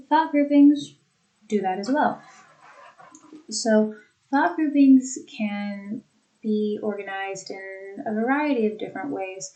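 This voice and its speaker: A young woman teacher reviewing a class lesson, speaking deliberately and demonstrating example sentences. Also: mid-range voice, mellow, poor audio. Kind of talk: lecture recap for students.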